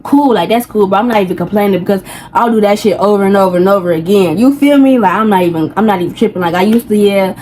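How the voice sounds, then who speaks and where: A young woman vents through a personal story, heated and loose, with slang and side tangents. Her voice sits in a middle pitch, and a faint hiss runs underneath. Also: quick pace, few pauses, dark tone, low-quality recording. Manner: heated, venting, heavy slang, rambling asides. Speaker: vlogger. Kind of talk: casual storytime rant.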